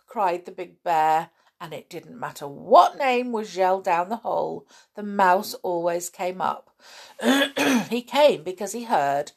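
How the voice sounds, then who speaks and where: A woman reading a children's story aloud, gentle and chatty with asides. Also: fairly low pitch, big pitch swings, a little slow. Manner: gentle, chatty asides, clears throat often.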